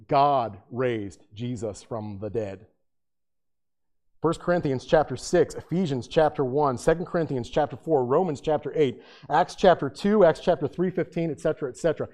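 A man preaching a sermon in a conversational way, reading scripture aloud with loud emphasis. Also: medium pitch. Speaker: pastor.

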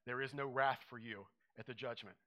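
Bright-voiced animated male preacher. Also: medium pitch, brisk. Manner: animated, conversational preaching with acted-out quotes. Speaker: pastor. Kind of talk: sermon.

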